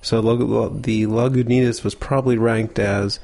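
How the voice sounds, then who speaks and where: Gravelly man chatting about beer. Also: fairly low pitch, moderate pace. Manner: relaxed, thinks aloud, explains beer facts. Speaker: podcast co-host. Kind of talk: casual beer tasting chat.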